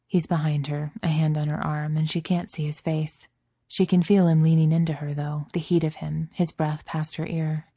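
Low-voiced woman reading a story aloud. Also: little pitch movement, moderate pace, warm tone, dry recording, studio quality. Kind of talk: reading fan fiction aloud.

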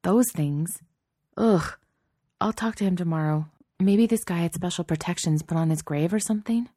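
A woman reading a story, voicing a young female college student who is earnest, apologetic and quick to worry. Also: lowish voice, warm tone, no echo, clean studio sound, natural voice. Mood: worried.

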